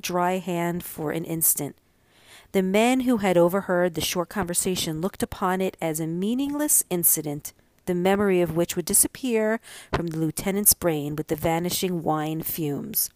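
A woman narrates an old tale aloud in an audiobook reading, at a measured, even pace. Her voice sits a little low. The sound is dry and close, with no room echo. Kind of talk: audiobook reading of classic fiction.

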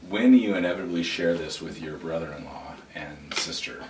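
A man with a low, deep voice chats casually as a church podcast co-host, cracking jokes and laughing as he stumbles through restarts. He sounds far from the mic in a roomy, echoing space, with faint background noise. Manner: jokey, laughs often, halting restarts. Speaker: lead pastor, podcast co-host. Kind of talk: casual chat.

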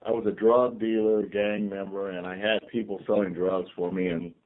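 Deep-voiced older man over a phone line. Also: normal speed. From California. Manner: calm, reflective storyteller. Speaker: team chaplain. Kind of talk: storytelling podcast guest. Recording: tinny phone-like remote line.

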